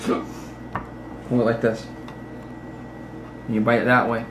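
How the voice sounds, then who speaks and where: A man telling stories in a casual chat, animated and joking. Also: medium pitch, slow pace, echoey room, background noise. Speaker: husband on a vlog. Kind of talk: casual storytelling.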